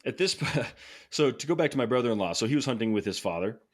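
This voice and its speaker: A man telling a story casually as a podcast guest, animated and excited, laughing and restarting sentences. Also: mid-range voice, fast talker.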